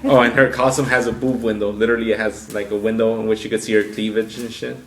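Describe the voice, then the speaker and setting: A man's voice: lowish voice, flat delivery, quick pace. A man co-hosting a casual podcast, going on profane, heated rants and laughing with friends. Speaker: podcast co-host. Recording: echoey room with faint noise.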